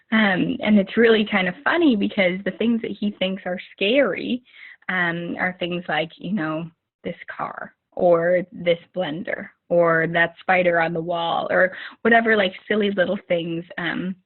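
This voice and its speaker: A young woman with a low, husky voice, acting as team leader, gives her team a rambling motivational pep talk packed with fillers and restarts. Her audio comes through a narrow, tinny video call line.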